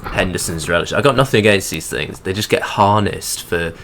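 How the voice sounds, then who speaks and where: A man's voice: low-pitched, normal speed, gravelly, fairly bright tone. A young man narrating his hike in a rambling, sardonic, sweary voice-over. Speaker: hiking vlogger.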